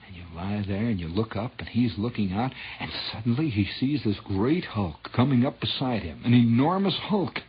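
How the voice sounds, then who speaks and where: A man telling a dramatic true story on old radio, dropping to hushed whispers and rising to loud swells. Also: on the low side, animated, normal speed, few pauses, slight background noise. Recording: dull lo-fi 1960s radio recording.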